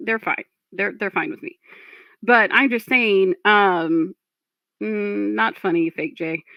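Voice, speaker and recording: A woman's voice: mid-range voice, gravelly, sharp tone, no room sound. A woman reacting to a clip on her stream, trading sarcastic jabs and curses with the person in it. Her voice sits mid-range and the sound is dry, close and free of any room. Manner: sarcastic, profane, scolding.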